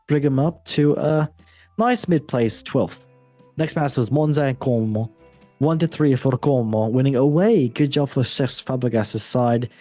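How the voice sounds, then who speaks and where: A man hosting a football podcast, running through match results in a relaxed, joking way. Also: fairly high pitch, no room sound. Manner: relaxed, joking, reads results in a steady run. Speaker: podcast host. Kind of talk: casual football chat.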